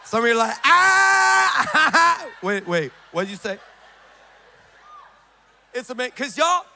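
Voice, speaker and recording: A man preaching in church to a congregation, telling stories with jokes and sudden shouts. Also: high voice, moderate pace, a little hiss or hum. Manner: animated storytelling, joking and shouting to the crowd. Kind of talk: sermon. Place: church service in front of a congregation.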